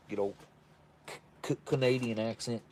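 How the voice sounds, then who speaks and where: A man's voice: medium pitch, background noise. A man hosting a casual livestream, reviewing old military rations and chatting with viewers in a folksy, self-described redneck way.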